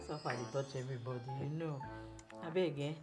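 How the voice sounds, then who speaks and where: A woman with a Nigerian Pidgin accent, acting a brash, broke tenant in a comedy skit who scolds loudly and laughs often. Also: rumbling low, fairly even intonation, normal speed, music in the background. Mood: jovial.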